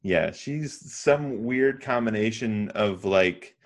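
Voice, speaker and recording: A man's voice: lowish voice, lively intonation, takes it slowly. A man co-hosting a podcast, recapping a movie's plot in a laid-back, casual way. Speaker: podcast co-host.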